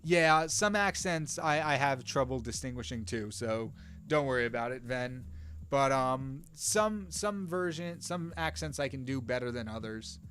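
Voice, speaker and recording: A man's voice: mid-range voice, expressive, a little slow, fairly bright tone. Young male streamer, rambling casual chat, talks to viewers by name, faint music underneath. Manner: rambling, self-interrupting, chats to viewers by name. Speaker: streamer drawing with live chat.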